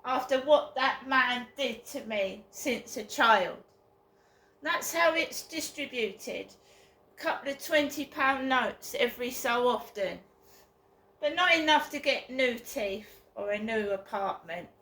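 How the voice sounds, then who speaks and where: Woman vlogger, bitter venting monologue, slightly high voice, echoey room recording. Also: animated, slow, fairly bright tone. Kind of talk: personal vlog monologue.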